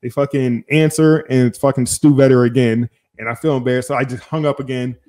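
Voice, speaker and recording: A young man hosting a podcast, telling a story in casual chat, animated and profane, acting out both sides of phone calls. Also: mid-range voice, brisk. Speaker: podcast host.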